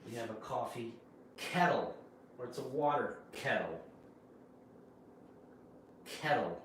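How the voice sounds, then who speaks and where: A man teaching English pronunciation in a home kitchen, slowly repeating each word in a drill. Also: mid-range voice, lively intonation, fairly bright tone. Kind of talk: slow vocabulary drill lesson. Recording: echoey room, voice from a distance, faint hiss.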